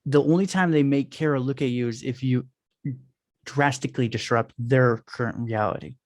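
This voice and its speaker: Man, podcast guest, casual rambling chat, mid pitch, dry sound. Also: dry recording. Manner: rambling, storytelling, quick restarts. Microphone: video call on phone.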